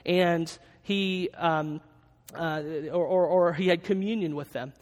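A pastor preaching a sermon in a church, earnest and halting, with frequent restarts. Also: male voice, high voice, fairly even intonation, in a large hall.

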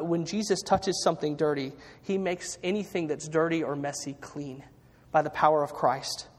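A man's voice: on the high side, a little mellow. A man preaching a sermon as pastor, earnest and conversational, with frequent fillers and restarts. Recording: hall reverb.

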